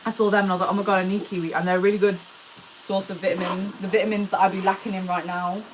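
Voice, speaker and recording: A woman's voice: medium pitch, flat delivery, very fast, noisy background. A young woman chatting casually on a live stream while she cooks, slangy and answering viewer comments as she goes. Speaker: livestreamer. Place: home kitchen, indoors.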